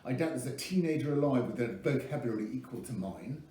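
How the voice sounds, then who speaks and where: A man's voice: mid-range voice, animated, quick pace, dark tone, lightly acted. A man voicing a precise, self-assured teenage boy genius who talks formally. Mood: aloof. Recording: echoey room, mic at a distance.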